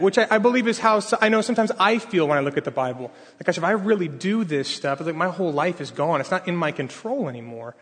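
Husky high-voiced man preaching in a hall. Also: fast, hardly any pauses. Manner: casual, asks the audience questions. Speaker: pastor. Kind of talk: conversational sermon. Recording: long hall reverb.

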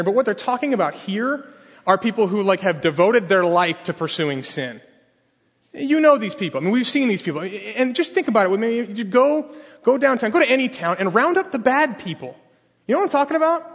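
A man's voice: high voice, sing-song, fairly quick, fairly bright tone, slightly rough. A male pastor preaching a conversational sermon in a large hall, talking casually and asking the audience questions. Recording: long hall reverb.

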